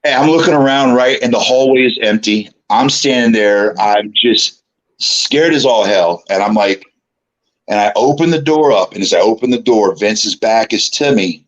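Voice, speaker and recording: With a lowish voice and moderate pace, a middle-aged man, a former wrestler guesting on an interview show, recounts a lengthy story, laughing animatedly and performing others' lines, on poor audio.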